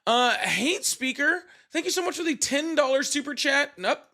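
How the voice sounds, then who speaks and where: A man's voice: very high voice, expressive, normal speed, creaky, sharp tone. A man hosting a live call-in stream, joking and laughing often, chatting casually with callers. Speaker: livestream host.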